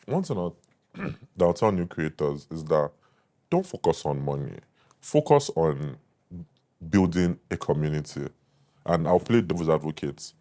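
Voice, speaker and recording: A man's voice: extremely low pitch, sing-song, a little slow, mellow. A young adult man with a Nigerian accent, a food critic guest talking confidently and emphatically in a casual interview.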